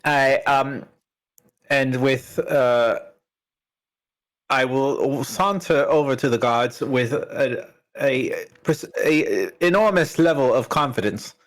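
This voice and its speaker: A man playing in a tabletop game, playful and laughing along. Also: medium pitch. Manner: slow, playful, laughs often. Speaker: player. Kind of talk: casual tabletop play.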